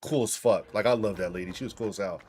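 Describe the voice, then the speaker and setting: A man's voice: on the low side, quick pace. A man hosting a gaming channel, chatting casually and swearing while he plays and tells stories. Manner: animated, swearing storyteller. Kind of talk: casual commentary while playing a game.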